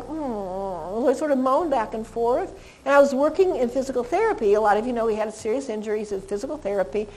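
A woman's voice: on the high side, poor audio. A middle-aged woman giving a lecture on dog behavior, chatty and often laughing, acting out dogs and people in quoted voices.

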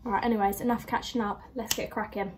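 A woman's voice: mid-range voice, steady tone, quick pace, a little hiss or hum. A young woman, chatting and telling stories animatedly as a reaction vlogger. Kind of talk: casual reaction vlog storytelling.

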